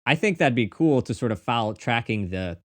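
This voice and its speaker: A man hosts a casual podcast interview and asks his questions in an upbeat, easygoing manner. His voice sits in a middle pitch range. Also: animated, fairly quick. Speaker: podcast host.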